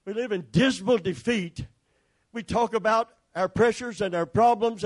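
A man's voice: high-pitched, expressive, moderate pace, darkish tone. A man pastor preaching a sermon with emphatic repetition and calls for the congregation to respond.

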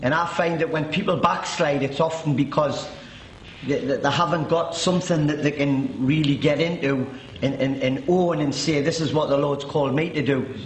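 A man's voice: fairly high pitch, normal speed, a little hiss or hum. A middle-aged man from Newcastle with a Geordie accent, telling his personal testimony in a chatty, joking way with many restarts. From Newcastle, England. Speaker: guest giving a testimony. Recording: roomy echo.

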